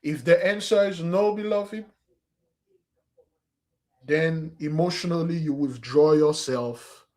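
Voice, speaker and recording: A man with a slightly high, warm voice speaks unhurriedly and with fairly even intonation. It's a fasting-day sermon: he presses his spiritual points emphatically, addresses the crowd as "beloved," and mixes in street slang.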